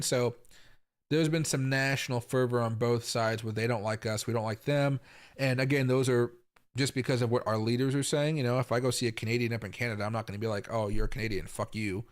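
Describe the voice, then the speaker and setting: A young adult man from the US Pacific Northwest hosts a live crypto market stream in casual, rambling commentary, full of fillers and repeats, with sudden loud outbursts. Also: medium pitch. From Tacoma, Washington, US. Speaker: crypto market livestream host.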